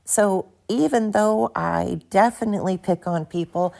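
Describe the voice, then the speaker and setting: A woman's voice: medium pitch, unhurried, gravelly, darkish tone. A tired woman hosting a casual solo podcast, rambling and swearing cheerfully at herself, recorded into her phone. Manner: rambling, profane, self-mocking. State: tired, barely awake. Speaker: podcast host. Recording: phone recording with background noise.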